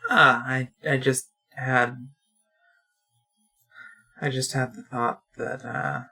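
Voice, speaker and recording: Sullen, defiant young man, voiced by a game master; curt, slow, grumbling delivery. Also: mid-range voice, little pitch movement, vocal fry, pushed and bright, soft background music, heavily acted. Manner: curt, grumbling, dry humor. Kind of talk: tabletop role-play.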